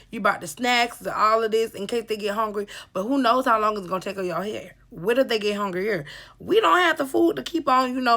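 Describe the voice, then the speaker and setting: A woman speaks in a casual, opinionated, lecturing way. Her voice sits a little high. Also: sharp tone. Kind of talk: casual reaction commentary.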